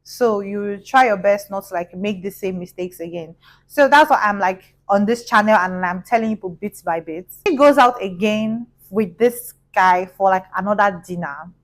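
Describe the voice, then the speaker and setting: A young Nigerian-accented woman recounts a tale for her vlog. She sits at a mid pitch. She talks in a lively, gossipy way and slips into other people's voices. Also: normal speed, rough recording. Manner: animated, gossipy, acts out voices. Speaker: vlogger. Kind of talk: casual storytelling.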